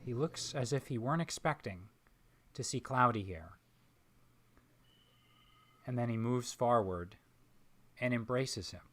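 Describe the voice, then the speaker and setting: A man narrating as game master of a tabletop role-playing game, describing scenes in a measured, pausing way. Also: mid-range voice, a bit bright. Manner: measured, descriptive, with frequent pauses.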